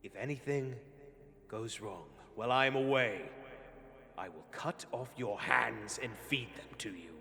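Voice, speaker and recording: A man voicing a cruel male villain who shouts threats at his underlings. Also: mid-range voice, a little slow, vocal fry, long reverb tail, soft background music, pitched above the performer's own voice. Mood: menacing. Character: furious cruel male villain leader, menacing.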